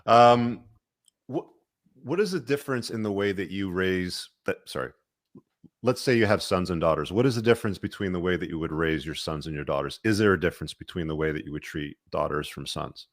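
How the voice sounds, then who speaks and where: A man hosting a podcast interview in a relaxed way, often saying "man" and "you know". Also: deep voice, a little fast, no echo, clean studio sound. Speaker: podcast host.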